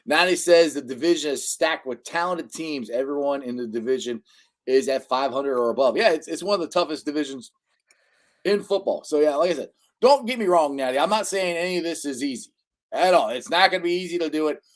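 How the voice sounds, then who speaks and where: Excitable local sports podcast host from Cincinnati, male, slightly high-pitched, laughs easily. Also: a little fast. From Cincinnati, USA. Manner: enthusiastic, laughs at his own jokes. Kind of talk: casual sports podcast chat. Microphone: live-stream microphone.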